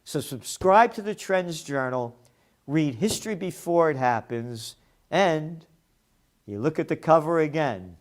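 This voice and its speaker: A man delivers a combative commentary rant, his voice sitting a little high. He drops profane, mocking asides and hammers his points home by repeating himself, surging from mutters to loud jabs. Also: lively intonation, unhurried. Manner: emphatic, repeating words as he builds a point. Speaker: trends forecaster and magazine publisher. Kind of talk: ranting commentary monologue.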